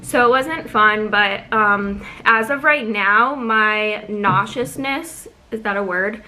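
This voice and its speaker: A young woman chatting casually at home in a vlog, talking quickly with lots of ums and sounding a little out of breath. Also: medium pitch, bright, forceful tone, low-quality recording. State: slightly out of breath. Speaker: vlogger. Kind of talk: casual pregnancy update vlog.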